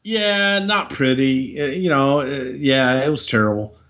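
Older man, podcast co-host, casual rambling storyteller, halting with restarts, slightly muffled lo-fi audio. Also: mid-range voice, a bit bright. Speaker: podcast co-host, former wrestling executive. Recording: slightly dull lo-fi sound.

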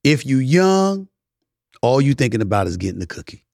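A middle-aged man hosting an animated talk-show monologue, emphatic and preachy, swinging from loud declarations to hushed asides. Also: mid-range voice, normal speed, gravelly, no room sound, clean studio sound. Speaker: sports talk host.

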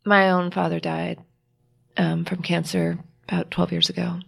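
A woman with a lowish, gravelly voice tells a personal story as an interview guest. She is reflective and halting, restarting her sentences and acting out bits of dialogue. Her tone stays low and textured throughout. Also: level tone, a bit bright. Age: adult, married with a child. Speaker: guest author.

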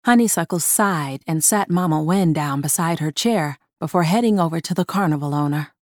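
A woman narrating a horror short story in a measured, deliberate reading. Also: low-pitched, no echo, studio quality.

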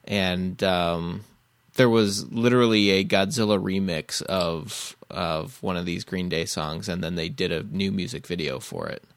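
A man co-hosting a podcast in casual chat, easygoing and quick to laugh. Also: low-pitched, dry recording. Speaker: podcast co-host.

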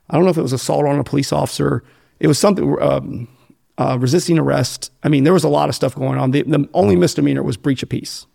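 A man's voice: fairly high pitch, gravelly, mellow. An American man speaking bluntly and profanely, rambling with fillers and restarts as he tells his story in an interview. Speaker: guest telling his addiction story.

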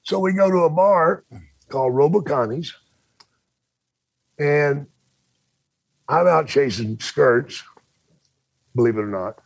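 Older male storyteller, husky and a bit high, dry close mic. Animated, salty, slips into voices. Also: takes it slowly, long pauses, dry recording. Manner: animated, acts out voices, swears freely. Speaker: podcast guest storyteller. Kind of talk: casual storytelling.

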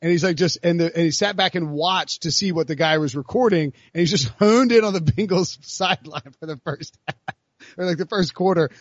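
A man co-hosting a sports podcast in casual chat, rambling and animated with many restarts. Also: fairly high pitch, fairly quick, no echo, dull audio. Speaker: podcast co-host.

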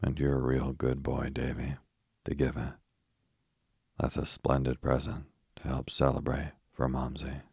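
A man voicing a caring older girl, the eldest sister, gently worried and coaxing. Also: rumbling low, monotone, measured pace, vocal fry, slightly rough, dry recording, studio quality, exaggerated voice.

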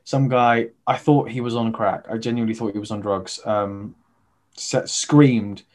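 A man's voice: on the low side, steady tone, unhurried, darkish tone. A man, a stage actor, chatting as an interview guest over a video call, rambling with many fillers and restarts.

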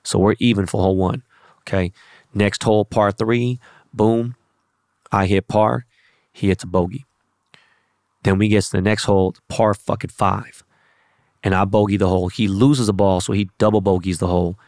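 A man's voice: fairly low pitch, steady tone, moderate pace, pauses often, darkish tone, no room sound, studio quality. A young adult man rambling in a brash, profane, slang-heavy casual monologue as a vlogger.

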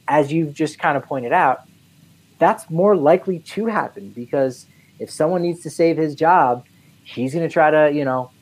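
A woman's voice: low voice, darkish tone, rough recording. A woman co-hosting a casual sports talk show, rambling and conversational with lots of fillers. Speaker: podcast co-host.

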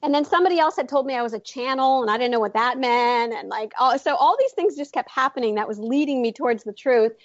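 A woman's voice: sits high, quick pace, few pauses, no room sound, muffled recording. A woman in her forties, an author and intuitive, chatting as an interview guest and rambling through her story with many fillers and restarts.

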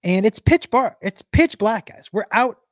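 A male comedian spins a rowdy stand-up story, swearing as he goes. His voice jumps all over the place, loud one moment and hushed the next. The sound is dry and close. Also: high-pitched, a little slow, no echo. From Texas. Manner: animated, profane, swings loud and quiet. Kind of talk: crowd-work stand-up storytelling.

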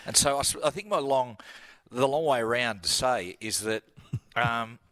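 A man's voice: mid-range voice, normal speed, sharp tone, no echo. An Australian man, a sports commentator guest, telling a laughing story in casual radio chat. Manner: yarn-spinning, laughing storyteller.

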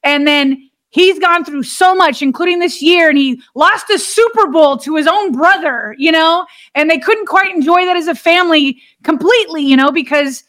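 A woman with a notably high voice talks sports on a podcast. She speaks earnestly and wanders, doubling back on her own words as she goes. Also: normal speed, hardly any pauses, fairly bright tone. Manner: earnest, rambling with many restarts. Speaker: podcast co-host. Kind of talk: casual sports chat.

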